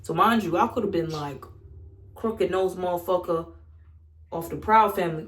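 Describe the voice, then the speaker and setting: A woman's voice: fairly low pitch, fairly quick, long pauses. A young woman from the South, talking bluntly and with lots of swearing in a candid casual monologue. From Southern United States. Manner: blunt, profane, animated. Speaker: vlogger. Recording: echoey room.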